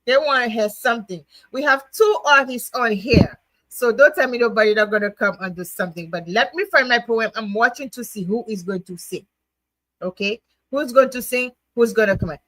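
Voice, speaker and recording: A woman's voice: on the high side, normal speed, fairly bright tone, no echo, low-quality recording. A woman hosting a casual poetry night livestream, chatting and laughing, coaxing viewers to join, then reading her own poem. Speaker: livestream host.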